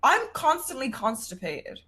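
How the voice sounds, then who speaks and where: A woman's voice: high-pitched, sing-song, unhurried, sharp tone. A woman, chatting as a guest on a livestream in a blunt, teasing way and swearing freely. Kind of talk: casual chat on a livestream.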